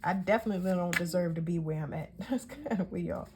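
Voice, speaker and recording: A woman's voice: on the low side, quick pace, heavy background noise. Chatty, emphatic woman reading tarot. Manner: chatty, emphatic, self-correcting. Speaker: tarot reader.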